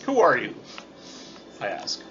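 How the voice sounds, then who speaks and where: Animated male player, lo-fi. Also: mid-range voice, a little slow. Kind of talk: casual table chat. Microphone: phone on the table. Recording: lo-fi phone recording with crowd noise.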